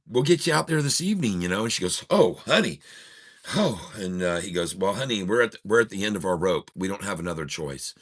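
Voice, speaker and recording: A man's voice: lowish voice, fairly bright tone, husky. A man hosting a trading channel, telling a long joke in a rambling, casual way with many restarts before turning to market talk. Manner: rambling storyteller, laughs at own jokes. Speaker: day-trading channel host.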